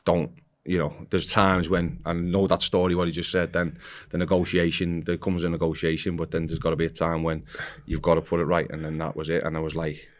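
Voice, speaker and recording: Deep-voiced guy on a football podcast, telling a long story, keeps doing the other people's voices. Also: a little fast, hardly any pauses. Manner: animated, acts out quoted voices; rambling with restarts. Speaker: podcast guest, football manager. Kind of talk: casual anecdote telling.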